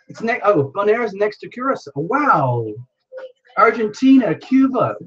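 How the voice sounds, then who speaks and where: A livestream host with a mid-range, slightly breathy voice chats casually at an unhurried pace, though the audio sounds dull. Excitable and full of exclamations, the host greets viewers by name, reading them aloud while scrambling to keep up with the chat.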